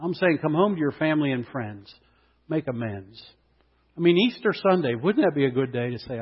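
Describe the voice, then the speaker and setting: A man's voice: a little high, animated, normal speed, breathy edge. A male pastor giving an Easter sermon in an earnest way, building to emphatic peaks and reading scripture aloud. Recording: dull lo-fi sound with long hall reverb.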